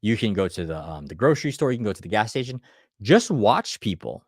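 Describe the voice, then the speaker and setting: A man's voice: fairly low pitch, big pitch swings, fairly quick, breathy edge, no room sound, studio quality. A man giving a live motivational talk as a life coach, blunt and swearing often, with frequent restarts. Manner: blunt, heavy swearing, repeats himself.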